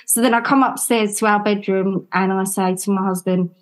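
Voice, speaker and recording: A woman, telling her story as a podcast guest in a lively, expressive way and acting out what people said. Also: normal speed. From London. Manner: animated, acts out quotes with big pitch jumps. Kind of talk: casual interview storytelling.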